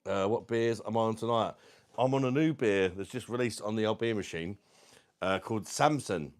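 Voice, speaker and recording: He's a livestream host from South East London with a London accent, chatting casually from home at normal speed in a fairly low voice. He reads out what viewers comment and addresses everyone as mate.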